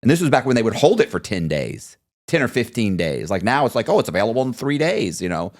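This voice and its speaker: A man with a mid-range voice talks fast as a podcast interview guest, spinning a long story. He's a lively storyteller who acts out the people he quotes.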